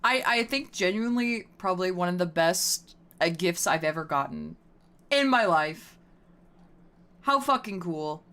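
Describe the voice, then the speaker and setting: A woman VTuber chatting on stream with a voice that sits low but moves animatedly. She talks casually to her chat and swears without pause. Her tone stays playful and teasing. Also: expressive, fairly bright tone.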